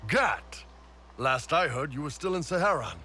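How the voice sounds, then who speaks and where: A man's voice: on the high side, lively intonation, moderate pace, noisy background, close to an everyday voice. An actor playing a blunt, wry male mercenary warrior in a video game.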